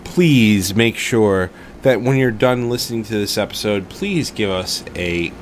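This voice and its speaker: A man's voice: on the low side, lively intonation, a little slow, slight background noise. A man co-hosting a podcast in casual chat, easygoing and agreeable. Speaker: podcast co-host.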